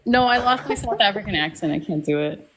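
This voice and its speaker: A woman joking in a deadpan way during casual live stream chat, swearing now and then. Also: medium pitch, quick pace, crowd noise, rough recording.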